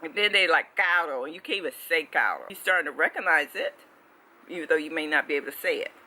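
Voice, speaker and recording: A language-learning vlogger giving a casual explanation, animated and full of restarts, who keeps asking the audience "okay?". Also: medium pitch, fast, low-quality recording. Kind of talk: casual explanatory vlog talk.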